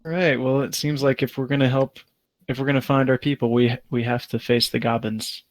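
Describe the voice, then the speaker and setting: Hesitant tabletop player, dry sound. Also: male voice, medium pitch, fairly even intonation, brisk, no room sound. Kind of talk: playing a tabletop game.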